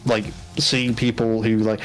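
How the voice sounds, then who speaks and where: A man's voice: fairly low pitch, level tone, measured pace, faint music behind. A British man chatting casually on a hobby painting stream, swearing freely and laughing often. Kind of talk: casual chat on a live stream.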